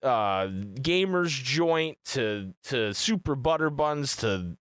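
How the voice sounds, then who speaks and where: A man's voice: medium pitch, animated, takes it slowly, fairly bright tone, smooth, dry recording, clean studio sound. Laid-back rambling man podcasting. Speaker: podcast co-host. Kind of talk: casual podcast chat.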